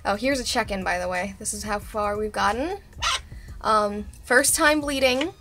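A woman vlogging casually about a craft project, playful and excitable, joking to the camera. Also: mid-range voice, moderate pace, faint music behind.

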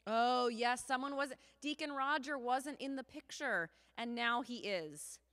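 A woman leading a children's sermon in a church, telling a story and asking the children questions in an animated way. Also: on the high side, measured pace. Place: church sanctuary. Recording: long church reverb.

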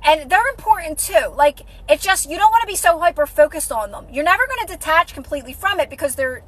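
High-voiced woman chatting on a livestream. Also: lively intonation, fast talker, a bit bright, rough recording. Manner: repetitive, encouraging, greets viewers by name. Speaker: livestream host. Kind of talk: casual motivational livestream chat.

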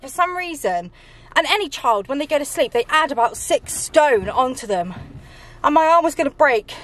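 High-voiced mum vlogger, swearing. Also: female voice, expressive, normal speed. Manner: chatty, swears freely, laughs often. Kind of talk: casual vlog chat.

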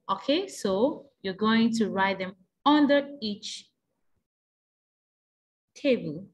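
A woman's voice: mid-range voice, expressive, slow, long pauses. A woman teacher taking young pupils through an exam revision lesson, asking patient prompting questions in a sing-song way.

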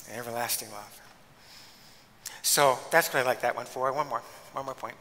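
A man lecturing in a big hall with a long echo. His voice is bright and forceful, and he talks in an animated, emphatic way, acting out the people in his stories. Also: medium pitch, normal speed, long pauses, a little hiss or hum. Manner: animated, emphatic, acts out quoted speech. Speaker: guest lecturer and pastor. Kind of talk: lecture with storytelling.

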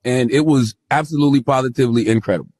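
An American man talking on a casual podcast, telling a travel story with emphasis and briefly jumping into high-pitched impressions. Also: very fast, darkish tone, no room sound. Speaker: podcast co-host.

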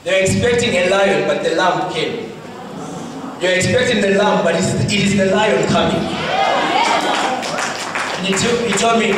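Fervent high-voiced preacher in an echoing hall. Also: male voice, a little slow, pauses often, background noise. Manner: fervent, swings from shouted rebukes to hushed storytelling. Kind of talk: sermon. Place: large hall. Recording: echoey hall, mic far off, faint ambience.

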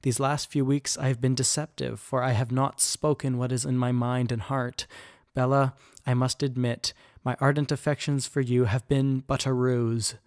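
A man's voice: mid-range voice, level tone, normal speed, a little mellow, no room sound, clean studio sound, close to an everyday voice. A man voicing a scheming young man who formally confesses his ruse in a letter. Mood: confessing. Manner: formal, stately letter reading.

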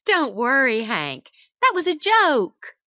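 A woman narrator voicing a bold, teasing young female pop singer in a raised, bright voice. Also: high voice, huge pitch swings, slow, dry recording, studio quality, pitched above the performer's own voice, exaggerated voice. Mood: playful.

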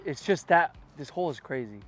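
Man, high voice, teasing banter, outdoor golf course, voices in the background. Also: expressive, fairly quick, crowd noise. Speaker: golfer in a group match. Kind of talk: casual chat.

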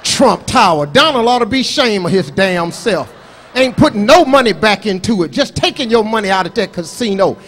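A man's voice: sits high, expressive, normal speed, fairly bright tone. A man doing a live stand-up comedy set, brash and profane, boasting and scolding the crowd. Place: live comedy show on stage.

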